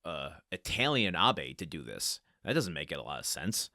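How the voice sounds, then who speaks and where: A man hosting a book podcast who reads aloud and then thinks out loud, rambling and interrupting himself. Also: deep voice, sing-song, moderate pace, no room sound, studio quality. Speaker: podcast host. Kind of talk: book-reading podcast with commentary.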